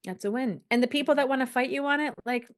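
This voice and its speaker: A woman guest on a podcast, chatting casually and acting out the people in her stories with lively voices. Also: high-pitched, fast talker. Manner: animated storyteller, acts out quoted voices. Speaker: podcast guest, holistic success coach. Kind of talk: casual interview chat.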